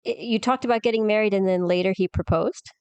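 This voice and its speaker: A woman's voice: medium pitch, fast talker, darkish tone, clean tone, no room sound. American woman, playful podcast co-host. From United States. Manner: playful, curious questioner. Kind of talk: casual chat.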